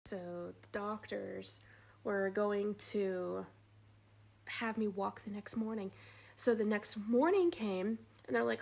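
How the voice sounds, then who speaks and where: A young woman vlogger telling a personal story in a casual, rambling way, full of "like"s, getting animated at the funny parts. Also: medium pitch, unhurried, creaky.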